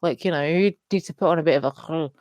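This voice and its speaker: A woman's voice: deep voice, fast, a little mellow, no echo. A woman co-hosting a podcast, chatting casually, swearing and acting out quotes in shifting voices. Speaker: podcast co-host. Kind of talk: casual chat.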